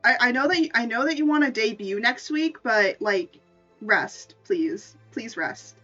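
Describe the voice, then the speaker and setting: A woman's voice: fairly high pitch, expressive, moderate pace, bright, forceful tone. A woman streamer in casual chat, rambling and stammering through restarts, laughing often. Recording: distant mic, dull lo-fi sound, faint music behind.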